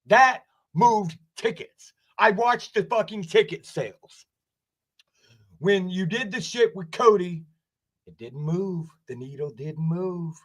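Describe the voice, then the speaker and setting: A man in his forties ranting angrily from his basement, swearing a lot and asking "right?" again and again. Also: sits high. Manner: angry, swearing, repeating "right?". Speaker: wrestling streamer. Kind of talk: profane rant. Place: home basement.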